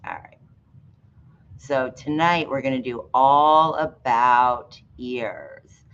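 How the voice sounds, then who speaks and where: A woman's voice: lively intonation, takes it slowly, fairly bright tone. A woman dog groomer giving a chatty, rambling live-streamed talk on pet care, with many fillers. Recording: muffled live stream with faint rumble.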